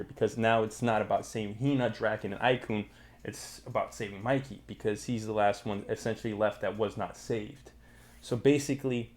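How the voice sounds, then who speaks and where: A young man hosting a casual manga review channel, talking in energetic slang with lots of fillers. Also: on the low side. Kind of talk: casual chat, recapping a manga.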